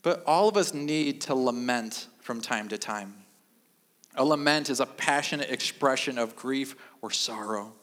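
Middle-aged male pastor, dry deadpan delivery, repeats key lines for emphasis, mid-pitched voice, sermon echoing through a long-reverb hall. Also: measured pace. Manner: deadpan, self-mocking humor with emphatic repetition.

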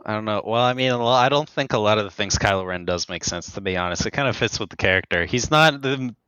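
Young man, bright crisp voice, dry close sound, casual film chat full of fillers. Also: on the low side, quick pace, no room sound, highs cut off. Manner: chatty, frequent "like" fillers, quotes characters sarcastically. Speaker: film commentary co-host. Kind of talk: casual movie commentary chat.

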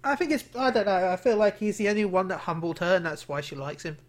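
Male podcast co-host, notably high voice, easygoing and joking. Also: fast. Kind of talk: casual chat.

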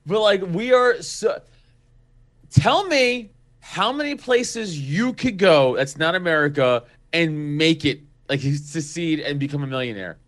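A man with a high voice that swings widely in pitch talks as a podcast guest. He makes his points with emphasis and fills his sentences with "like." The delivery is casual and conversational. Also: lively intonation, measured pace, fairly bright tone. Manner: emphatic, uses filler "like". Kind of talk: casual political talk.

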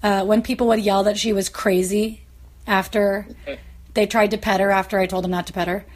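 A woman hosting a podcast, chatting casually and telling lively stories full of quoted voices. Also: medium pitch, fairly quick. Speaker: podcast host. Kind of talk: casual chat.

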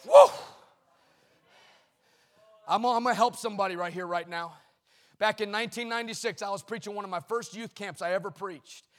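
A middle-aged male preacher delivering a sermon, shouting rhythmic repeated lines and dropping to quiet storytelling. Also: high-pitched, fast. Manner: swings between shouted exclamations and quiet storytelling; repetitive, rhythmic preaching cadence.

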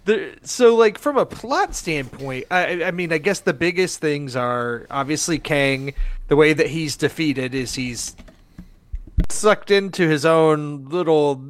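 A man on a casual podcast chat, rambling and halting as he talks. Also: on the high side, animated.

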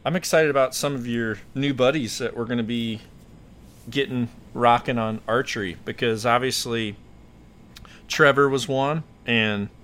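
A man's voice: medium pitch, unhurried, a bit bright. A man hosting a podcast, telling a story in a rambling, self-correcting way. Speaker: podcast host. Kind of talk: casual storytelling chat.

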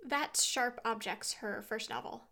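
A woman appearing as a podcast guest in casual chat, explaining things in a clear and organized way. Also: on the high side, measured pace, pushed and bright.

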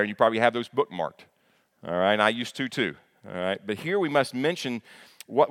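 A man's voice: mid-range voice, a bit bright. A man preaching a sermon to his congregation, emphatic, repeating key words and asking them questions, often stumbling and restarting. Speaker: pastor.

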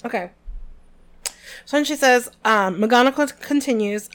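A woman co-hosting a casual podcast who talks in an animated, emphatic way. Her voice sits a little high, and she drags out her favourite words for effect, with a loose conversational rhythm. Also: unhurried, long pauses, smooth. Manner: animated, emphatic, given to exaggeration. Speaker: podcast co-host. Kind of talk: casual chat between readings.

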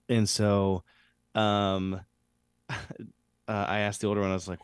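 Low-voiced man telling a rambling story. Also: normal speed, pauses often, clean tone, dry recording. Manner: rambling, animated storyteller with frequent fillers. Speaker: podcast co-host. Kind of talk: casual storytelling chat.

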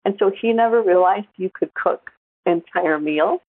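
A woman in her forties, a podcast co-host, chatting casually and telling animated stories. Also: on the low side, moderate pace, dry recording. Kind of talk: casual chat. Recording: tinny phone-like line.

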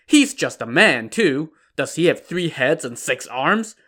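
A man's voice: a little high, very animated, measured pace, sharp tone, voice pushed up, heavily acted. A man voicing a brash, blustering male bandit chief with a hot temper, in a narrated story podcast.

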